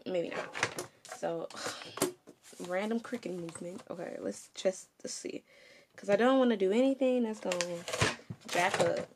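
A woman chats through a craft tutorial at home. She talks straight to her viewers and keeps grumbling at her machine. Clicks and a steady noise sit clearly behind her voice. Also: mid-range voice, unhurried. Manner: chatty, frustrated, talks to viewers as y'all. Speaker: vlogger. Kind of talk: casual craft tutorial chat.

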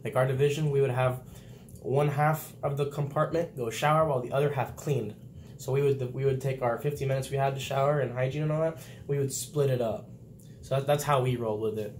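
A man's voice: medium pitch, brisk. A young man recounts boot camp in loose, casual chat. He acts out quotes and laughs along as he goes. The recording carries a faint background hiss. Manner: animated storytelling, laughs often, acts out quotes loudly. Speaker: vlog host, Navy sailor.

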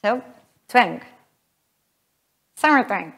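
A woman teaching a voice workshop to a live group, explaining in a halting way with many fillers. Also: mid-range voice, expressive, creaky, fairly bright tone. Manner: halting, filler-heavy explaining, with frequent laughs. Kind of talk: live teaching talk with sung demonstrations. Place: workshop room with an audience.

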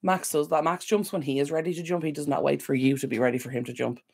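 A woman chats through a home livestream at her desk mic, her voice sitting a little low. She rambles, apologizes often and loses her thread, sounding like she is still on the mend. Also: fairly even intonation, fast, creaky, darkish tone, slightly rough. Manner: rambling, apologetic, easily sidetracked. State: recovering from illness. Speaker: decluttering channel host. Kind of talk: casual livestream Q&A chat. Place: home room at a computer. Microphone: desk microphone.

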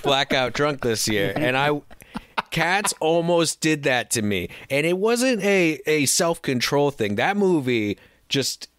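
A man co-hosting a podcast in casual chat, ranting in an animated, profane way with frequent restarts. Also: on the high side, slow pace, clean tone. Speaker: podcast co-host.

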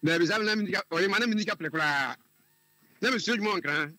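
Husky-voiced man telling his story. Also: high-pitched, pushed and bright, no echo. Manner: halting, repeats words while searching for them. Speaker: caller. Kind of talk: telling a personal story on a call-in show.

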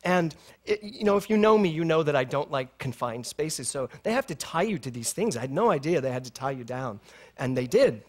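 A man's voice: a little high, a little fast. A middle-aged male minister giving a sermon at a spiritual center, telling a personal story with laughter and acted-out dialogue. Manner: animated storytelling, laughing often, acting out dialogue.

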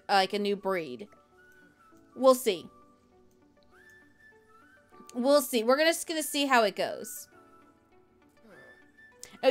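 A woman's voice: fairly high pitch, a bit bright, clear, resonant tone. A woman live streamer chatting casually from home while she plays a game, rambling as she answers viewers' messages.

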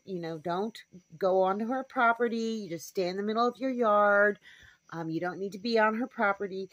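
A woman talks to her viewers in a loose, rambling way, full of fillers and frank asides. Her voice sits on the low side, and the recording sounds dry and close with no room echo. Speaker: homestead vlogger. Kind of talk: casual storytelling to camera.

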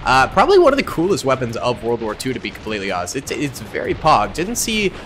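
Excitable young man's gameplay commentary. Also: mid-range voice, fast, faint music behind. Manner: excitable, bursts of loud yelling, casual slang. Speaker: gaming YouTuber.

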